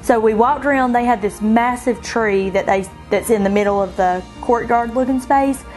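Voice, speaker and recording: A woman being interviewed, telling her own story in an animated way, often laughing and quoting herself in a higher voice. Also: normal speed, poor audio. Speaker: bride interviewed about her engagement. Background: soft background music.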